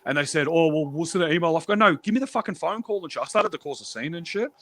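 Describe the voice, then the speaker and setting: A man's voice: on the high side, lively intonation, very fast, fairly bright tone. A man telling prison stories on a stream in a blunt, profane way, acting out the exchanges he quotes. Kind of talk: casual storytelling.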